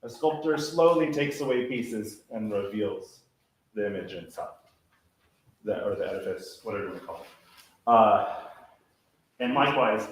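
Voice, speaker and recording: A man leading a choir rehearsal, coaching singers with energy and singing example phrases. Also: fairly low pitch. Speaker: choir director. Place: large echoey rehearsal hall. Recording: very echoey hall, faint music.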